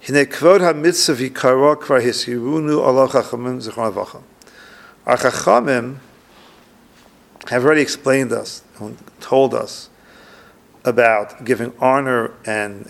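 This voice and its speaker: A man's voice: mid-range voice, unhurried, creaky. A man teaching a religious class, reading Hebrew texts aloud and translating each line, thinking aloud with restarts. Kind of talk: religious lecture with text reading.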